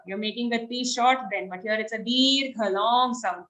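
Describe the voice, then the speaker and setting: A woman teaching verse recitation online, chanting lines slowly and then correcting pronunciation briskly. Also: a little high, fairly even intonation, bright, forceful tone.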